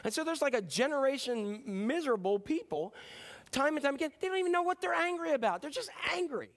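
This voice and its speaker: High-voiced man in his fifties preaching. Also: lively intonation, a bit bright. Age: 50s. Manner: conversational, jokey, acts out quick impressions. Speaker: pastor. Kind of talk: sermon.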